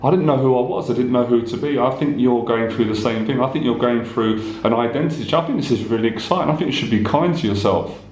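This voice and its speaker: An intense male life coach preaches straight to the viewer in short, repetitive bursts, now and then swearing. His voice sits at a middle pitch. The echoey room gives it a roomy sound. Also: quick pace, hardly any pauses, a little mellow, a little hiss or hum. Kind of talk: direct-to-camera motivational talk.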